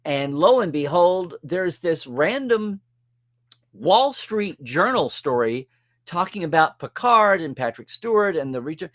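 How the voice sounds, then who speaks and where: Animated rambling male host. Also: a little high, measured pace. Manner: rambling, sarcastic asides, restarts mid-sentence. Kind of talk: casual monologue commentary.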